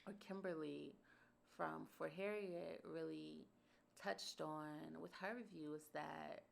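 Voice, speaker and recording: A woman's voice: low-pitched, fairly even intonation, slow pace, creaky, a little hiss or hum. A woman hosting a podcast, talking through a personal reflection in an earnest, emphatic way and repeating phrases for stress. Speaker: podcast host.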